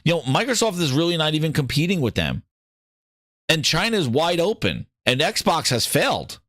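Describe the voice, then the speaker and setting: A man hosting a gaming show, talking in casual, opinionated commentary. He swears freely, mocks other people in put-on voices and gets excited as he reads. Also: a little high, moderate pace, no echo, clean studio sound. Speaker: gaming podcast host.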